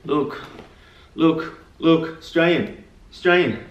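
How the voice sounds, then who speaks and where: A man's voice: on the high side, slow, highs cut off. A man chatting in a casual comedic vlog, joking and rambling playfully. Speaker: vlogger. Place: Dubai.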